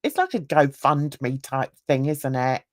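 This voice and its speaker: A woman's voice: rumbling low, very animated, unhurried, dry recording, studio quality. A woman hosting a casual livestream chat, rambling and gossipy as she greets viewers in the chat by name. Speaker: livestream host.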